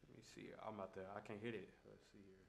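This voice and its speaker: A man's voice: fairly low pitch, steady tone, fast, vocal fry. A man streaming live and talking casually to his chat in a laid-back, slangy way. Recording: echoey room with faint background noise.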